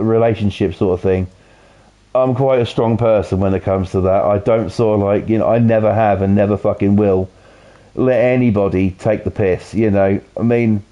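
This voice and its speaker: A man's voice: lowish voice, dark tone. A British man streaming a game, chatting casually in a rambling way, swearing heavily and filling with "you know". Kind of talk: casual stream chat while playing. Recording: dull lo-fi audio.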